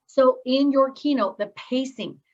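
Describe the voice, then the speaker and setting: A woman speaking coach teaches an online course over a video call. She talks fast and then stops short to lean on key words. Her mid-range voice comes through slightly dull, lo-fi call audio. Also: sits high, darkish tone. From Scotland. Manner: fast-talking, with sudden pauses and stressed words.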